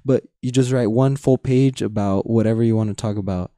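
A man's voice: on the low side, fairly even intonation, a little fast, warm tone, dry recording, clean studio sound. A young man co-hosting a podcast, chatting casually and rambling with fillers, restarts and frequent laughs. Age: young adult. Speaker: podcast co-host. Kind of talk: casual chat.

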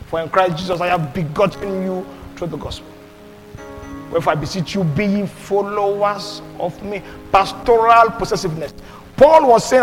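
A high-pitched man preaches from the pulpit, reading scripture aloud and swinging between forceful emphasis and near-whispered asides. His voice rings with long hall reverb, and faint music plays under him. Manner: emphatic, swings between loud and hushed delivery. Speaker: pastor.

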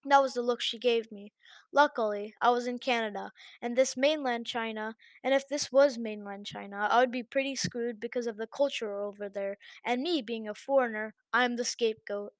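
A woman narrating an online story as the host of a channel, in a lively, chatty manner. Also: on the high side, normal speed, no echo.

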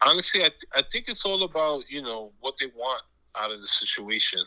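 A man in casual chat, talking in a relaxed, slangy way. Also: medium pitch, a little fast, poor audio.

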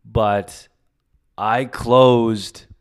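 A man hosting a solo comedy podcast in a loose, confessional ramble. His voice is smooth and clear, sitting at an ordinary middle pitch. He talks with open emotion, drifting from story to story. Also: steady tone, very slow. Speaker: podcast host. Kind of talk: casual solo podcast monologue.

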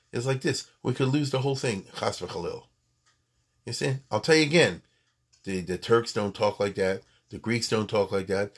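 A man's voice: mid-range voice, breathy edge. A man giving an informal Torah lecture on the prophets, talking conversationally with rhetorical questions and Hebrew terms. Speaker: rabbi teaching prophets.

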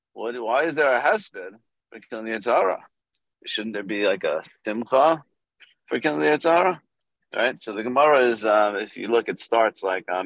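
A man's voice: on the low side, fairly bright tone, dry recording, poor audio. A man leading a casual Talmud study class, explaining loosely with fillers and quoting Hebrew and Aramaic terms. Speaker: teacher leading a Gemara class.

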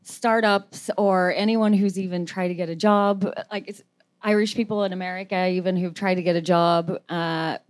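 A woman's voice: fairly low pitch, fairly even intonation, normal speed. A woman interviewing a guest onstage, asking questions in a friendly, lightly teasing way. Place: event room with a live audience.

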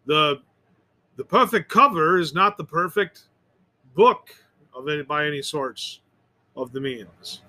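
A man with a voice pitched high for his gender hosts a podcast on his own, rambling and opinionated. He keeps tripping over words and returning to what he already said, his tone consistently bright and sharp.

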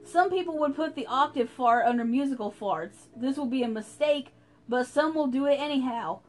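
A woman's voice: high voice, moderate pace, faint music behind. A young woman reading aloud to a friend in casual chat, giggly and drowsy, her words slurring and drifting. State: high and drowsy. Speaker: reader of a book to a friend.

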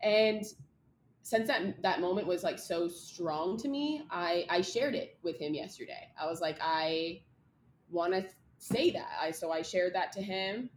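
A woman's voice: fairly low pitch, animated, measured pace, reverberant, a little hiss or hum. A young woman co-hosting a podcast, talking candidly in casual chat, rambling with lots of "like". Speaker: podcast co-host.

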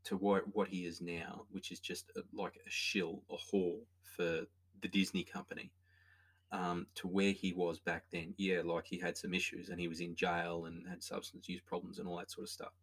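A man's voice: deep voice, little pitch movement, moderate pace, a bit bright, breathy edge. An opinionated man, chatting casually as a podcast co-host about a film, rambling with many restarts. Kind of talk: casual film review chat.

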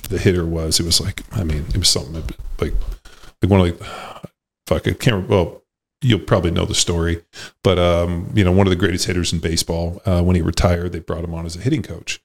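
Man, very low voice, podcast host, former football player, blunt, profane, rambling, casual talk. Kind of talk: casual conversation.

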